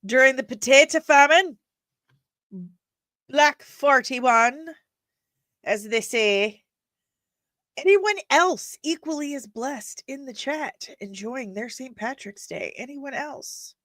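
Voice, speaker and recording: A woman hosting a casual live stream of nerd news, chatting with the audience in an animated way and laughing often. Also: sits high, unhurried, dry recording.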